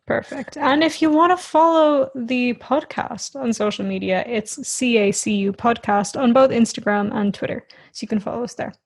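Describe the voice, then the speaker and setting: A woman's voice: a little high, normal speed, vocal fry, few pauses. A young woman co-hosting a podcast, easygoing with dry humour and steering the casual chat. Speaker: podcast co-host.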